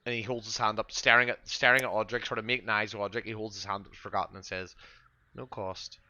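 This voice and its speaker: A male game master narrating a tabletop game in a loose, rambling way, with plenty of fillers and restarts. His voice is fairly low but bright and forceful. He describes the scene and then cuts to the players to ask for checks. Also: flat delivery, fast, no room sound, lo-fi sound.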